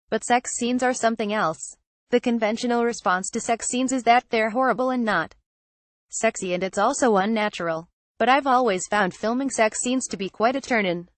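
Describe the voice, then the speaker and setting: A woman narrating a news roundup, reading out quotes in an even, matter-of-fact way. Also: medium pitch, no room sound.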